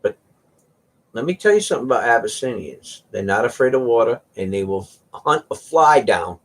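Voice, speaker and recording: A man's voice: medium pitch, very animated, moderate pace. A man hosting a casual chat, rambling through stories about his cats and sometimes mimicking their meows. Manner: rambling storyteller, imitates cats meowing. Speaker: host.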